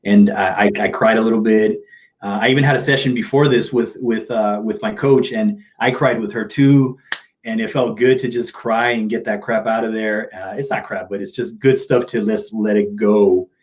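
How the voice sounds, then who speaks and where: A man's voice: fairly low pitch, steady tone, moderate pace. A middle-aged man, a motivational speaker, speaking openly and emotionally in an interview, telling personal stories in casual slang. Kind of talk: candid interview talk.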